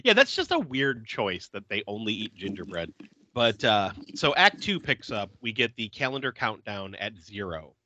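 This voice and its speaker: A man hosting a podcast, recapping a film in a casual, animated way, laughing often and swearing freely. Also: medium pitch, dry recording, dull audio. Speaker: podcast host.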